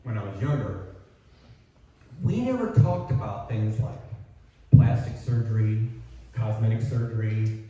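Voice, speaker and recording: A man's voice: on the low side, animated, measured pace, long pauses, dark tone. An older man doing a self-deprecating stand-up comedy set, delivering punchlines on a small coffee house stage. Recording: echoey, distant, dull, noisy room recording. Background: audience laughter and room ambience.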